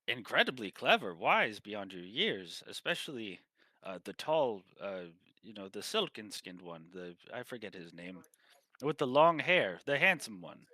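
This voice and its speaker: A flustered old professor who gushes and fawns, his voice bright and swooping all over the place, as a game master puts him on. The delivery is dry and close. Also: fairly low pitch, no echo, heavily acted. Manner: gushing, flustered, fawning.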